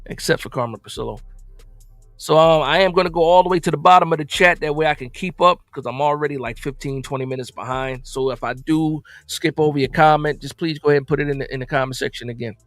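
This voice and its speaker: Man, livestream host, slightly high voice, dry close mic, faint music underneath. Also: fast talker, a bit bright, no echo. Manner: conversational, emphatic, repeats phrases. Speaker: livestream host reading chat. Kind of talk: casual football recap livestream.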